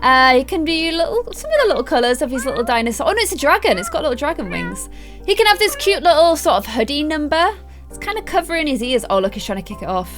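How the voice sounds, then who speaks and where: A woman's voice: high voice, big pitch swings, quick pace, fairly bright tone, soft background music. A young woman doing casual gameplay commentary, bubbly and doting as she fusses over her cats. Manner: bubbly and doting, talks baby-talk about her cats. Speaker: gaming YouTuber.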